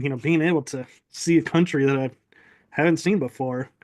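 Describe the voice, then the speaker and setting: A man telling a personal story in casual conversation, acting out his own quoted lines as he goes. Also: on the high side. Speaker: podcast guest.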